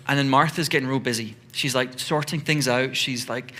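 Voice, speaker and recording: A man preaching a sermon as pastor, telling the story in an animated, conversational way. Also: medium pitch, moderate pace.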